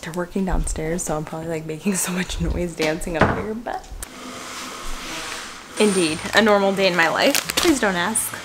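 A woman's voice: fairly low pitch, moderate pace. A young woman chatting casually to her vlog camera, bubbly and gushing. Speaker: vlogger.

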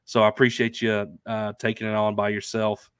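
On a casual sports talk stream, a male co-host at home in Arkansas talks fairly quickly in a lowish, monotone voice that's clean and fairly bright in tone. He sounds stuffy and nasal from allergies but remains upbeat, chatty and heavy on fillers. His remote stream microphone yields clean studio sound without echo.

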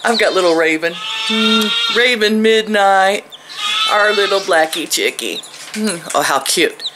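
Heavy background noise accompanies this casual home vlog, where an older woman with a medium-pitched voice talks to her animals at a measured pace. She coos at them sweetly in baby talk and laughs a lot.

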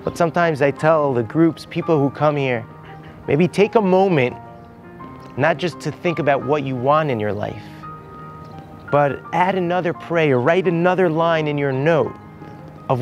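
Man, rabbi guiding visitors, earnest heartfelt storytelling, fairly high voice, faint music behind. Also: a little slow, lo-fi sound. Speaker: rabbi and tour guide. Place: outdoors at a holy site.

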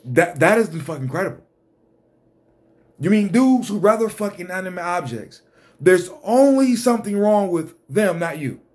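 A man's voice: high voice, darkish tone. A man hosting an exasperated ranting commentary, blunt and profane. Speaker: host.

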